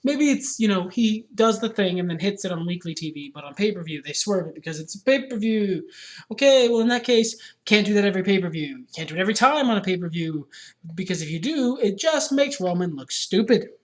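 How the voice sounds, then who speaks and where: A man's voice: high voice, lively intonation, a little fast. Opinionated man ranting on a podcast. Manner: opinionated, ranting, swears freely. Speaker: podcast co-host. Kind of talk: casual chat.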